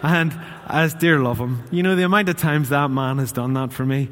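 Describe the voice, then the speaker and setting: A man's voice: on the high side, normal speed, a bit bright, long reverb tail. A man preaching a sermon in church, chatty and questioning his congregation. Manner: conversational, asks the congregation questions. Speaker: pastor.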